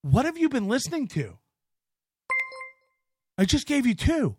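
A man's voice: very high-pitched, huge pitch swings, a little slow, a little mellow, husky, no echo, studio quality. A man hosting a livestream, ranting angrily with mocking, profane jabs. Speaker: livestream host.

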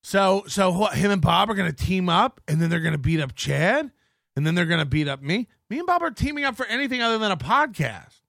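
A man's voice: high-pitched, expressive, a little fast, gravelly, a bit bright, no room sound, studio quality. A man hosting a podcast, ranting in a mocking tone and laughing often. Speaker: podcast host. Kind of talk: ranting commentary.

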